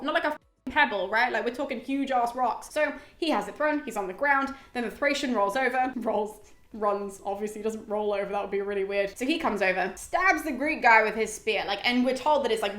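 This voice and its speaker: Chatty woman explaining stuff, kinda high voice, lots of likes, echoey room. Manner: chatty, animated, swears, lots of "like". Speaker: host. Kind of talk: casual explainer.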